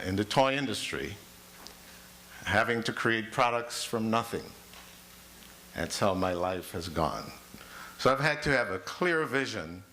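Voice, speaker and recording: A man's voice: fairly low pitch, sharp tone, a little hiss or hum. A man running for mayor, giving a rousing debate opening statement that builds through repeated phrases. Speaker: mayoral candidate. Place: public forum hall.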